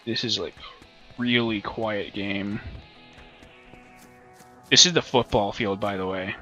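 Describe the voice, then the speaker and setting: A man rambling through casual gameplay commentary, cracking jokes and swearing at a clunky game. His voice is lowish in pitch but bright and forceful, with faint music underneath. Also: fairly even intonation, slow pace, highs cut off. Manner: profane, joking, rambling. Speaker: let's play host.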